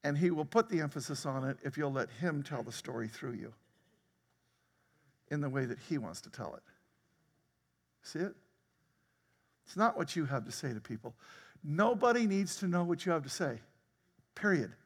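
A man preaching a sermon as pastor, talking conversationally, laughing often and breaking into sudden loud outbursts. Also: fairly high pitch, animated, normal speed, gravelly, pauses often, in a large hall. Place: church sanctuary.

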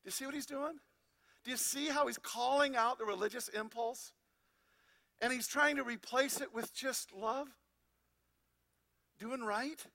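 A man preaching with a very high, bright voice. He keeps firing rhetorical questions at his listeners and reads scripture aloud in a lively sermon. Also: unhurried, vocal fry, long pauses. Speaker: pastor.

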